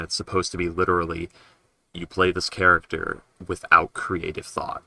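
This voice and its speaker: A low-voiced man acting as game master, chatting in a relaxed, offhand way and swearing freely. His voice is very bright and forceful, and faint music plays behind him. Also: moderate pace, creaky, no echo. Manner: laid-back, swears freely. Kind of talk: casual chat before a tabletop game.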